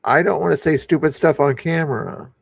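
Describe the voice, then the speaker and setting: A man's voice: on the high side, fairly quick, vocal fry, slight background noise. A man hosting a casual news commentary stream, talking loosely with many fillers and restarts. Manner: rambling, lots of fillers and restarts. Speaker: stream host.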